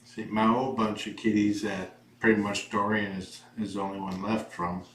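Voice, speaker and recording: A man chatting casually and rambling in a relaxed, joking way about foster kittens. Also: on the low side, normal speed. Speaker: kitten foster parent filming a cam video. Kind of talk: casual chat. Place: indoor room with foster kittens. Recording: roomy room, far from the mic.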